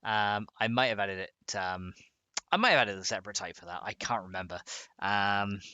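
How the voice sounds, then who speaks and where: Male streamer, casual rambling live-chat delivery, dry close sound, pitched a touch low. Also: moderate pace, bright, forceful tone, clean tone, dry recording, highs cut off. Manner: rambling, chatty, laughs often, reads out chat. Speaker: game modding streamer.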